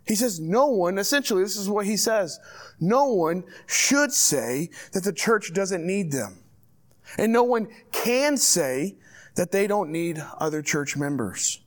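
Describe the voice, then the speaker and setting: A man preaching a sermon as pastor, reading scripture and urging his church in an earnest, direct way. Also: sits high.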